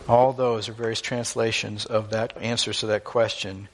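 A man's voice: lowish voice, flat delivery, moderate pace, few pauses, slight background noise. Earnest male preacher giving a sermon. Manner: earnest, emphatic, illustrating with stories and acted quotes.

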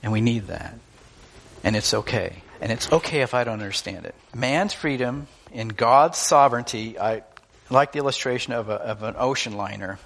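A man's voice: medium pitch, moderate pace, gravelly, a bit bright. Earnest male preacher giving a sermon. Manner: earnest, emphatic, illustrating with stories and acted quotes.

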